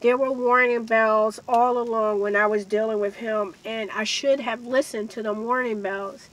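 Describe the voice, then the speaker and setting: A woman's voice: a little high, steady tone, moderate pace, rough recording. A woman vlogger earnestly telling a personal story to her viewers, speaking emphatically and addressing them directly. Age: adult with a child. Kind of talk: emotional storytime monologue.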